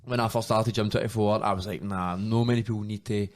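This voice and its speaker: A man's voice: lowish voice, fairly even intonation, quick pace. A Scottish man and personal trainer co-hosting a casual podcast, trading cheeky, sweary banter.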